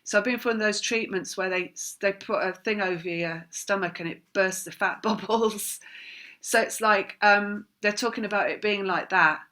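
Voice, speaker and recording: A woman talks through a spiritual tarot reading in a bright, clear voice. She wanders from thought to thought and repeats words in long chains. Now and then she laughs at herself and says sorry for the way she talks. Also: mid-range voice, normal speed. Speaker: tarot reader.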